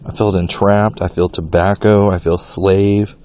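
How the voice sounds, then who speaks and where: A very deep-voiced man speaks slowly and haltingly, pausing to search for words as he describes what he senses. He is recorded outdoors among trees on a handheld recorder, with a faint hiss of background noise. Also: little pitch movement, a little mellow. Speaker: psychic. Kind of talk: recorded on-site impressions. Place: outdoors in a wooded cemetery.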